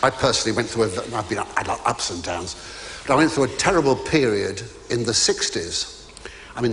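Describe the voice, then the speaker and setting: An older man performs live stand-up for a student audience, chatty and stammering, tossing out exclamatory asides. His voice is medium-pitched, and the recording, made in a reverberant hall with the audience present, carries heavy background noise.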